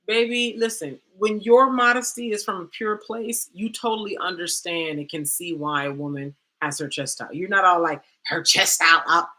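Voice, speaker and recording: Woman coach spilling a personal story, dramatic and animated, bright voice, lots of girl and baby. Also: lowish voice, normal speed, hardly any pauses. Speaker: coach and host. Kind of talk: candid personal storytelling to the camera.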